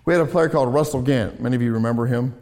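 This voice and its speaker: Animated preacher in an echoing hall. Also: male voice, racing. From United States. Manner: animated preaching, rising for emphasis, then dropping low. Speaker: pastor and counselor. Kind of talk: sermon. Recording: long hall reverb.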